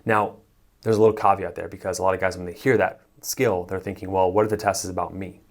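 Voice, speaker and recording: A man talks straight to the camera as a relationship coach. His voice is gravelly and sits fairly low, and he speaks emphatically in a conversational way. Now and then he slips into short acted bits of sample dialogue. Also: level tone, fast talker. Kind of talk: direct-to-camera advice talk.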